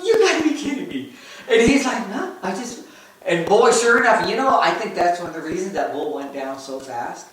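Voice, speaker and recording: Animated middle-aged man in an echoey room. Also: fairly high pitch. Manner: animated, acts out his own reactions. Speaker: elk hunter and show host. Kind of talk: storytelling hunt recount. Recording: very echoey, voice from a distance.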